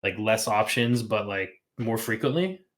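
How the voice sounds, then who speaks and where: A man's voice: fairly low pitch, expressive, measured pace, a bit bright. A man co-hosting a casual streamed chat, laid-back and rambling with many fillers. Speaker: podcast co-host.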